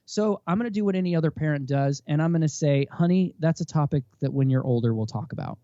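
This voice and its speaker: A man in his thirties, guesting on a podcast, tells candid stories with animated energy and acts out snippets of dialogue. His voice sits on the high side and he talks fast. The recording is dry, with no room sound, and the highs are cut off.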